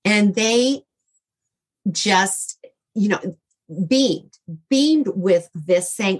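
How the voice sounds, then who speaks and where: A woman's voice: mid-range voice, animated, drawn-out words, pauses often. A middle-aged woman as an interview guest, telling a personal story in a heartfelt, rambling way with many fillers and restarts.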